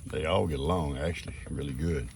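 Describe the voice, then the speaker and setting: A man's voice: a bass voice, a little fast, creaky, a little mellow, slight background noise. An older man, chatting casually to his farm animals and viewers outdoors. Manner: folksy, talks sweetly to his animals. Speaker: farm vlogger.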